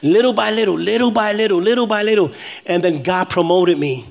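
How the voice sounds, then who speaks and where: Man, pastor, high-pitched voice, lively joking sermon, shouted declarations, from New York. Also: brisk, gravelly. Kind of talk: energetic sermon.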